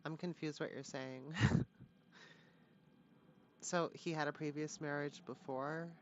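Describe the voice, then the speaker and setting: A woman giving a live tarot reading, talking in a halting way with many fillers and restarts. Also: low-pitched, fairly even intonation, slight background noise. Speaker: tarot reader. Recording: dull lo-fi, dry sound.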